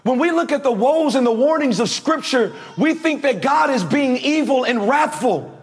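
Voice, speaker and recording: A male preacher with a very high voice delivers a lively sermon in a church. He talks straight to his congregation, asking them to answer back and raise their hands. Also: moderate pace. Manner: energetic, preaching with calls to the congregation.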